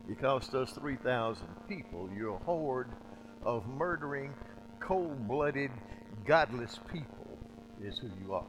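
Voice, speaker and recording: A man preaching a sermon, emphatic and repetitive, his loudness dropping low and swelling back up. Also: lively intonation, unhurried, background noise. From United States.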